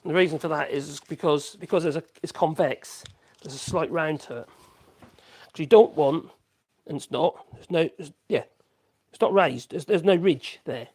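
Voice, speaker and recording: A man's voice: on the high side, normal speed, a little mellow, breathy edge. A man chatting casually on a woodworking live stream, rambling, correcting himself and humming between thoughts. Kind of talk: casual live-stream chat while working.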